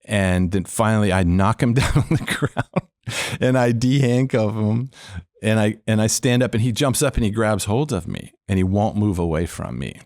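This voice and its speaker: Man, deep voice, dry close sound, podcast guest, former police officer, lively storyteller, laughs along the way. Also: moderate pace, no room sound. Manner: animated storyteller who acts out the people he quotes; laughs often while telling. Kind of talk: storytelling interview.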